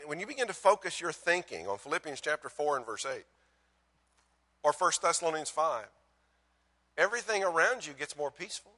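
A man preaching a sermon as pastor, swinging from loud emphasis to hushed lines and telling folksy, self-mocking stories. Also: on the high side, long reverb tail.

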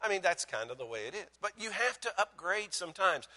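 Middle-aged guy preaching, high bright voice, loud then quiet, funny self-digs. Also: normal speed, hardly any pauses, long reverb tail. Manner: animated, swinging from loud exclaiming to quiet, self-deprecating asides. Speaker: guest preacher. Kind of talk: sermon with humorous personal stories.

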